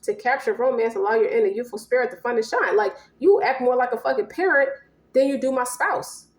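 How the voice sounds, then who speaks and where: A woman's voice: a little high, brisk, reverberant. A woman giving a casual tarot reading in a blunt, profane way, voicing both partners in turn. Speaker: tarot reader.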